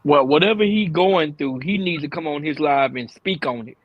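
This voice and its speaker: Emphatic man with a dry, higher voice. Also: normal speed, dry recording, lo-fi sound. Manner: blunt, emphatic opinions. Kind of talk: casual commentary on a live stream.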